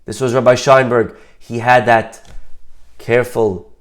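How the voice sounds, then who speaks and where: A man giving a storytelling talk, lively and acting out the people he describes. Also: mid-range voice, a little slow. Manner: animated, acts out the people in his story. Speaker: speaker.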